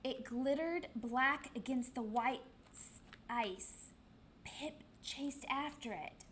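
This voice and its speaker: A woman's voice: sits high, lively intonation, slow pace, fairly bright tone, a little hiss or hum, poor audio. A woman teacher reading a storybook aloud expressively, acting out sound effects.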